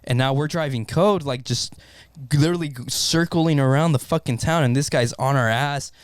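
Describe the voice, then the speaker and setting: A man in a casual podcast chat, telling a story in an animated way and swearing constantly. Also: mid-range voice, moderate pace, smooth, dry recording. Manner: animated, swears constantly, acts out his own panic. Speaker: podcast co-host.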